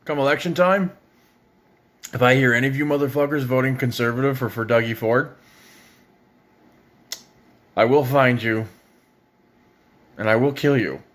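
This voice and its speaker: A man's voice: mid-range voice, normal speed, long pauses. A young man from Ontario rants with a mid-range voice. He is angry and sarcastic and swears constantly. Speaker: parent ranting on video. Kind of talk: profane political rant.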